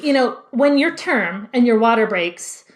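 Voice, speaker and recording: A woman's voice: on the high side, a little slow. A woman in her thirties, a former labor and delivery nurse, telling a story as a podcast guest and acting out what she said back then. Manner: lively storyteller who acts out her own lines in quotes.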